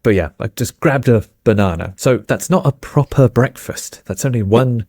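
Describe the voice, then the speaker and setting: A man with a British accent, co-hosting an English lesson and explaining casual phrases slowly with examples. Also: medium pitch, dark tone, no echo. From England. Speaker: English teacher co-host. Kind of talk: casual teaching chat.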